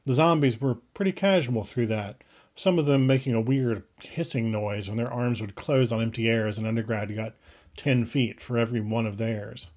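A man reads a first-person story aloud at a medium pitch. His delivery is brisk and urgent, pushing through action scenes with shifting tempo. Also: a little mellow. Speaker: audiobook reader. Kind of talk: first-person fiction narration.

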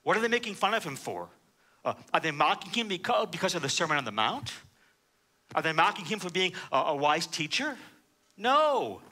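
A man's voice: sits high, very animated, normal speed, pushed and bright. A man preaching a sermon, reading scripture aloud and explaining it verse by verse, with frequent "uh" fillers. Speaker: pastor.

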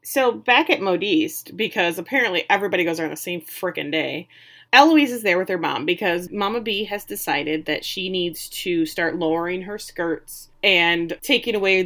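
A woman co-hosting a casual recap podcast, snarky and quick to mimic characters with exaggerated voices. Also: fairly low pitch, animated, a bit bright. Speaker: podcast co-host recapping a TV episode.

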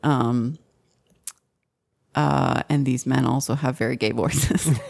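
Slow, low-voiced woman chatting. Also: steady tone, creaky, darkish tone. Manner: rambling with many fillers, giggly. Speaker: podcast co-host. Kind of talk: casual chat.

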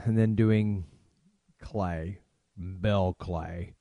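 A man co-hosting a podcast banters and jokes at an easy pace. His voice sits at a middle pitch. The room sound is dry and close. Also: normal speed, darkish tone, no room sound. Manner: joking, banter with co-host. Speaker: podcast co-host. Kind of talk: casual podcast chat.

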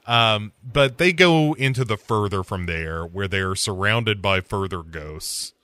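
Bright-voiced joking podcast host man. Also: fairly low pitch, unhurried, no echo. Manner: jokey, animated plot retelling with quoted voices. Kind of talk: casual movie discussion.

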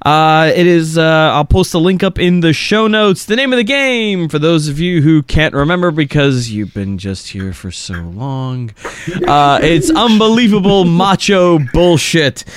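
Lively high-voiced male podcast host. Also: unhurried, clear, resonant tone, no room sound. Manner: chatty, laughing, trailing off. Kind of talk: casual podcast wrap-up.

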